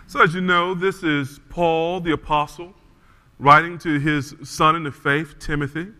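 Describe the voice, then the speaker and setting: A male pastor tells a story with animation, restarting phrases as he goes. His voice is bright and forceful. It rings with the long reverb of a church. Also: on the high side, steady tone, measured pace. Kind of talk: sermon with storytelling.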